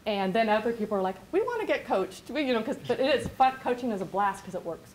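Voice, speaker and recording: A woman's voice: mid-range voice, fast, slight background noise. A woman business coach giving a workshop talk in a chatty, rambling way, full of restarts and quoted asides. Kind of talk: workshop presentation. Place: classroom.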